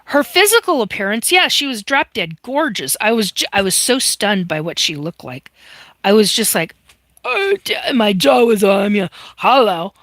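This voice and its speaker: A woman's voice: medium pitch, animated, moderate pace, fairly bright tone, no echo. A woman hosting a live stream in casual chat, telling a story in an earnest, emphatic way with many restarts and some mild swearing. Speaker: host.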